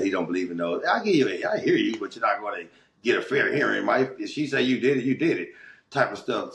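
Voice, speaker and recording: A middle-aged man from Watts, Los Angeles, telling his story as a guest in casual, animated, slangy talk. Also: fairly low pitch. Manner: animated, slangy, chuckles between phrases. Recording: roomy echo.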